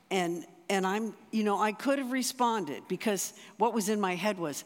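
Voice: medium pitch, normal speed, hardly any pauses. A speaker giving a sermon through a personal story, talking conversationally with frequent restarts. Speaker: speaker at a church or retreat. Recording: reverberant hall.

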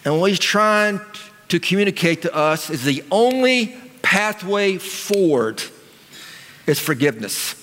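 High-voiced preacher in a reverberant hall. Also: male voice, expressive, measured pace, bright, forceful tone. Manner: conversational, asks the audience questions. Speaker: pastor. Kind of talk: sermon. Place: church sanctuary. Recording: long reverb of a large hall.

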